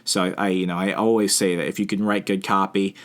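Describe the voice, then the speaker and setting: Low-voiced man rambling through podcast advice. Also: level tone, fast talker. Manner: rambling, filler-heavy, self-deprecating. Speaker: podcast host. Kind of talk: casual advice monologue.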